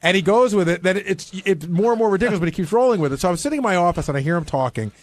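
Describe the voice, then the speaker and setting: A man's voice: high-pitched, expressive, very fast. A man on talk radio, probing and incredulous as he calls out a colleague's behavior. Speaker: radio show regular. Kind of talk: casual talk radio banter. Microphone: studio microphone.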